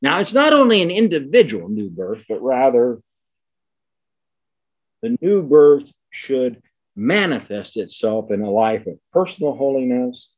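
An older man giving an academic lecture, emphatic, repeating key words and slowing down to stress them. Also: medium pitch, darkish tone, rough recording.

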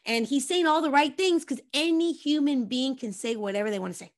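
A woman with a notably high voice speaks as a relationship coach on a talk show. She tells stories with energy and acts out what people say in playful voices. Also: a little fast. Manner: lively, breaks into playful quoted voices. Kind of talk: animated advice chat with acted-out quotes.

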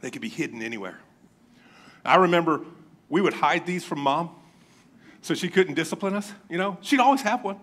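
A man's voice: fairly high pitch, a little fast, long pauses. A man from Florida preaching a sermon as pastor, telling jokey childhood stories with lots of energy. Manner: animated, joking storyteller. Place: church.

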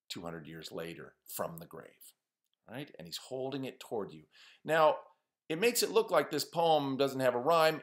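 A man with a fairly low voice teaching a poetry class. He explains lines step by step and keeps asking his students questions. His tone stays friendly and engaged. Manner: lively, asks students questions. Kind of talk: online class lecture.

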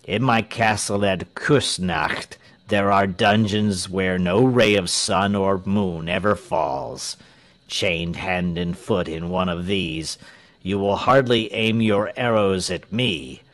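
A man's voice: sits low, slow pace, fairly bright tone, dry recording, heavily acted. A man reading a storybook, voicing a stern male tyrant governor who speaks in a cold, commanding way.

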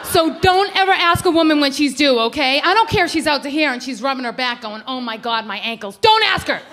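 A woman in her thirties tears through a stand-up set on a club stage. Her voice sits high and she talks in a brash, animated way, throwing herself into loud quoted voices. A faint hum of room ambience sits behind her. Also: quick pace. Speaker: stand-up comedian.

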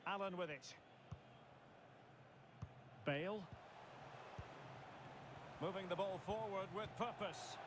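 A man with a high voice calls a football match play-by-play, snapping out player names in short bursts. Loud game noise sits heavily under his voice. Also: slow, long pauses. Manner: terse name-calling of passes, rising on chances. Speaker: play-by-play commentator. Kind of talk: scripted football commentary.

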